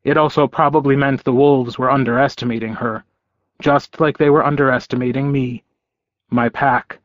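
A man narrating a story in first person with a measured, calm delivery. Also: mid-range voice, dry recording, muffled recording. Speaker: audiobook narrator.

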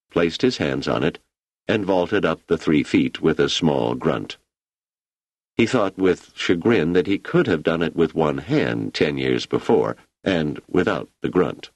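A male audiobook narrator with a very low, gravelly voice reads the story in a steady, measured way. His pitch moves widely, and the tone is husky. The close recording is dry, with no room echo. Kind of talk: scripted narration.

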